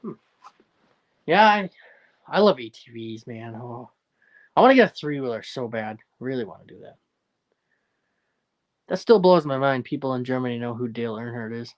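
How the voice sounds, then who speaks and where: A man's voice: mid-range voice, expressive, moderate pace, long pauses, highs cut off. A man with a Newfoundland accent hosting a casual livestream, reading out viewer comments and rambling jokily with frequent laughter. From Newfoundland, Canada. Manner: rambling and jokey, laughs often. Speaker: livestream host.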